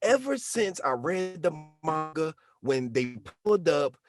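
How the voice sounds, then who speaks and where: A man co-hosting a podcast in casual chat, talking in an animated, slangy way and acting out quotes. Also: a little high, measured pace, faint music behind. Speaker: podcast co-host.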